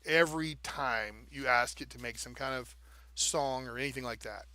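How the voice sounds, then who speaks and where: Bright-voiced man explaining things step by step. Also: mid-range voice, normal speed, no room sound. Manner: explains step by step, checks in with "okay?" and "right?"; taps out rhythms with "da, da". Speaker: co-host of a live stream. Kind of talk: casual explaining on a live stream.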